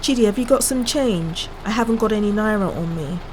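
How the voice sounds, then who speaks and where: A woman's voice: mid-range voice, a little fast, darkish tone, slight background noise, lightly acted, poor audio. A woman voicing a weary young man back home after years abroad, curt and slightly irritated. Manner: curt and tight-lipped.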